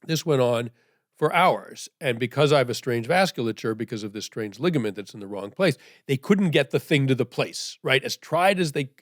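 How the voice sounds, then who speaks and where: A middle-aged man speaks as a podcast guest in an even, mid-pitched voice. He rambles through his story, checking in with "right?", and sinks to a hushed near-whisper at the grave moments. The recording is dry and close. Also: normal speed, no room sound.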